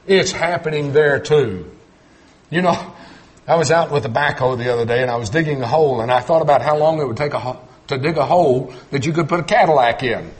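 A middle-aged man preaching a sermon, telling folksy stories and swinging between loud emphatic points and quiet low asides. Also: fairly quick. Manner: storytelling with folksy humor.

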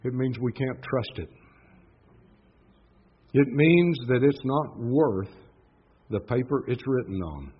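A man preaching a sermon in an emphatic style, swinging between loud stresses and hushed asides. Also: mid-range voice, animated, takes it slowly, pauses often, breathy edge. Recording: dull lo-fi sound.

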